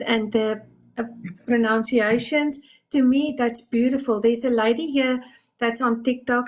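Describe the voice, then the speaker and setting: A woman hosting a casual interview, encouraging her guest with brief affirmations. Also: on the high side. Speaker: interview host.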